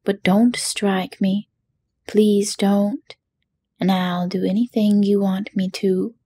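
A woman's voice: medium pitch, little pitch movement, takes it slowly, warm tone, breathy edge. A woman voicing a timid little old man who poses as a wizard, meek and trembling, in whispered role-play.

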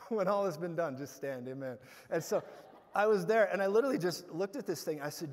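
A man preaching a sermon, telling stories in an animated way with bursts of loud laughter. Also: sits high, moderate pace. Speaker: guest preacher. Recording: hall reverb.

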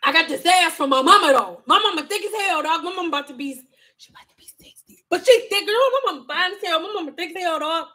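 A woman in her thirties talks straight to her viewers in a high, bright-pitched voice. Her chat is loose, frank and full of jokes and profanity. She acts out the people in her stories with lively quoted voices. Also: fast, hardly any pauses. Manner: animated storytelling with acted quotes. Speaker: vlogger. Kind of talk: casual chat.

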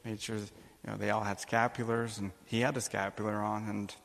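Male priest, gravelly voice, animated storytelling sermon, long echoing hall reverb. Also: on the low side, a little fast. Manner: animated storytelling, acts out dialogue, emphatic rises. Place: church or conference hall.

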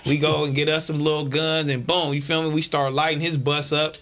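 A man on a casual podcast, telling a story in an animated, slangy and profane way. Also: fairly high pitch, brisk.

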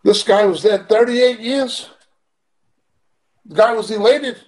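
A man's voice: sits high, takes it slowly, a little mellow. A middle-aged man teaching the Bible over a video call, earnest and emphatic, asking rhetorical questions as he preaches.

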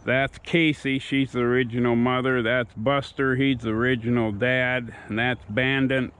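A man's voice: medium pitch, flat delivery, normal speed, a bit bright, smooth. A plainspoken, folksy man chatting casually outdoors while working with his dogs. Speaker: dog owner and trainer. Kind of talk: casual vlog chat.

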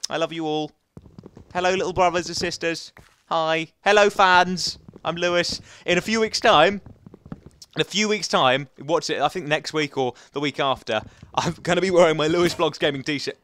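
A man's voice: on the high side, moderate pace, fairly bright tone, clear, resonant tone. A young man giving chatty, rambling commentary while playing a survival game, talking to the viewers and to the animals. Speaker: gaming YouTuber.

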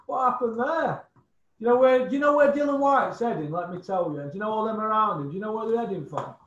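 Scornful man, high voice, echoey. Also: a bit bright, highs cut off. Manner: scornful, swearing, repeats insults. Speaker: boxing pundit guest. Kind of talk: blunt opinionated chat.

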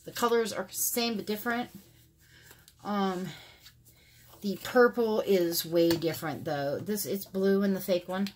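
A woman's voice: mid-range voice, a little slow, pauses often, darkish tone, a little hiss or hum. A middle-aged woman chatting casually to her viewers as she compares two makeup palettes, rambling with many fillers. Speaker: beauty vlogger. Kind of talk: casual makeup review to camera. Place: home filming room.

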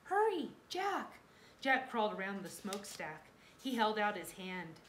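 A woman's voice: mid-range voice, moderate pace, fairly bright tone. A woman reads a children's chapter book aloud, lending the scenes drama and expression. Her voice sits in a roomy, echoing space with faint noise underneath. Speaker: reader.

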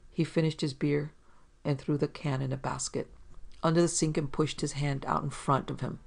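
A man narrating a hardboiled detective story in a measured, deliberate reading. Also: fairly high pitch, little pitch movement, gravelly.

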